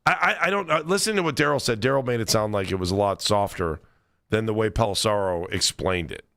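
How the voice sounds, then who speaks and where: A man hosts a sports talk radio show with a low, gravelly voice. He talks casually and trips over his words as he goes. The studio sound is dry and close. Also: expressive, quick pace, a bit bright, dry recording. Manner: conversational, stammering restarts.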